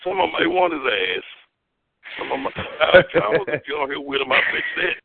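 Gravelly man rambling over a phone line. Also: on the high side, animated, brisk, dry recording. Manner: rambling, repetitive, shouting taunts. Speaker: chat line caller. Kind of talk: casual phone chat.

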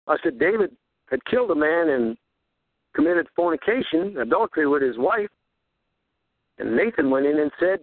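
A man hosting a radio show, preaching in a fervent, repetitive ramble and rising high on rhetorical questions. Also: animated, a little fast, no echo. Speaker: radio host. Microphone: handheld recorder. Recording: tinny phone-like radio audio.

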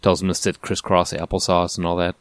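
Low-voiced man wrapping up a podcast. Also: flat delivery, fairly quick, no echo. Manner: dry, blunt humor. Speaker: podcast host. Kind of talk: casual podcast chat.

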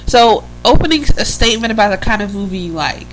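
A woman's voice: mid-range voice, lively intonation, fast talker, rough recording. Chatty woman podcaster, faint hum. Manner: chatty and rambling, laughs easily. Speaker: podcast co-host. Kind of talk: casual chat.

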